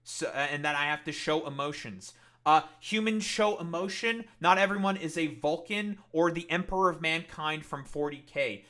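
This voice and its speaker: Male streamer, combative live-stream rant, profane and sarcastic, forceful tone. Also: fairly high pitch, normal speed. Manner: sarcastic, mocking.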